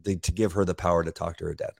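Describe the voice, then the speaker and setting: A man's voice: low-pitched, flat delivery, rapid-fire, creaky, a little mellow, dry recording, clean studio sound. A man, a former police officer co-hosting a devotional podcast, telling a long story in a rambling way with many restarts. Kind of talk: casual devotional chat.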